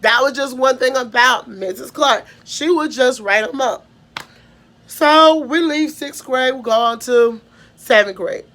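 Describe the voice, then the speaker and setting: Southern lady from mississippi rambling through a story, kinda high voice, lots of restarts. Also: a little slow, fairly bright tone. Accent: Southern American (Mississippi). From Mississippi, USA. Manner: rambling, with many restarts and "da, da, da" trailing off. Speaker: vlogger. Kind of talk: personal storytelling.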